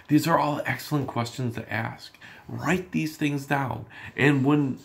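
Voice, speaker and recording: A man coaching loan officers on sales calls, energetic and emphatic, often checking in with "right?". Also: medium pitch, vocal fry. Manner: acts out quick exchanges in other voices. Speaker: mortgage sales trainer.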